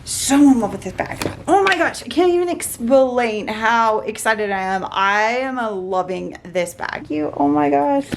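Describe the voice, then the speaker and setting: Woman vlogger, bright higher voice, gushing and giddy, light background hiss. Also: measured pace, vocal fry, few pauses. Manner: gushing, excitable, talks to herself. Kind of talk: casual unboxing chat.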